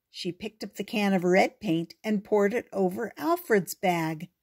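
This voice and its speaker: Grandma type reading a kids book, really slow, gentle and expressive. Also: female voice, medium pitch. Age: older. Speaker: storyteller. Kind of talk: reading a picture book aloud.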